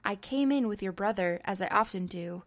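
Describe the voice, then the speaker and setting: Brief: blunt young suitor in a story, brisk and blustery, voiced by a woman reader. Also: mid-range voice, lightly acted. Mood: blustering.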